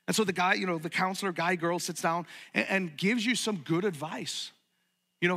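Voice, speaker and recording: A man preaching a sermon earnestly, swinging from loud urging to hushed, whispered lines as he closes a church service. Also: sits high, brisk, breathy edge, long reverb tail. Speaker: pastor. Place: church sanctuary.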